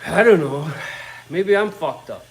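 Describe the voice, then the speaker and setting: A man's voice: on the high side, expressive, unhurried, rough recording. A middle-aged man in his own workshop, ranting bluntly and swearing constantly in casual talk. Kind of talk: casual rant.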